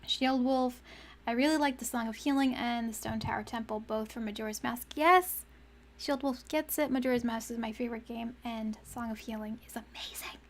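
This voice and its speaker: A woman's voice: a little high, normal speed. A young woman streaming live, thinking aloud as she writes song lyrics, repeating phrases and trailing off as she searches for words. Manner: often laughs and trails off mid-thought. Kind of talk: casual live-stream chat.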